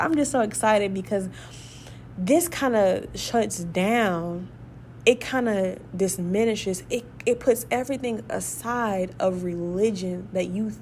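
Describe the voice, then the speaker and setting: A woman giving a casual, excitable Bible study talk, emphatic and conversational, who piles up rhetorical questions. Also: mid-range voice, a little hiss or hum. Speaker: Bible teacher.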